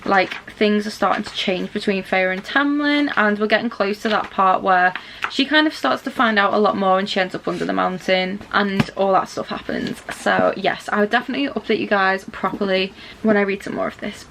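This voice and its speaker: A young woman chatting excitedly on her reading vlog, gushing with lots of fillers. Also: mid-range voice, vocal fry, slight background noise, poor audio. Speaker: book vlogger. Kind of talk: casual reading vlog chat.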